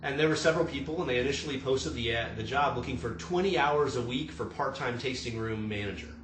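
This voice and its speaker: A man's voice: mid-range voice, quick pace, fairly bright tone, a little hiss or hum. Chatty man in an echoey room. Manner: chatty storyteller, joking. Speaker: tasting room manager. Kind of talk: casual livestream chat. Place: home room. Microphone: video stream mic.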